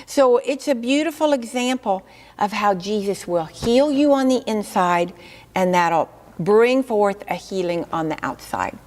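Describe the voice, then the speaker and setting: A woman teaching on prayer in a church, telling a story in a lively way and acting out the voices of the people in it. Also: mid-range voice, unhurried, big-room sound. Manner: lively, acts out quoted voices. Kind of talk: sermon storytelling.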